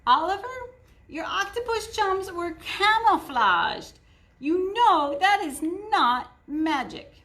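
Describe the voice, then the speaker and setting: Woman doing a bossy big-sister squid, shrill, scolding, lively high voice. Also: slow pace, exaggerated voice.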